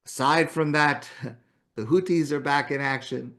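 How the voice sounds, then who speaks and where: A man's voice: a little high, measured pace, bright, forceful tone. A man giving a morning talk as a rabbi, telling a story in a conversational way. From Canada.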